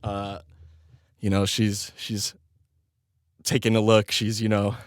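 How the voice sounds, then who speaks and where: A man's voice: on the low side, monotone, takes it slowly, no room sound, clean studio sound. A young man hosting his own podcast, telling a crude, self-mocking story in casual chat and laughing often. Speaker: podcast host.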